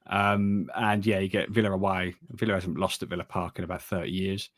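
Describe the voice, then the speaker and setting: A man co-hosting a casual football podcast, talking in a wry, halting way with frequent restarts. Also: low voice, level tone. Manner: wry, hesitant, trails off and restarts. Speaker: podcast co-host.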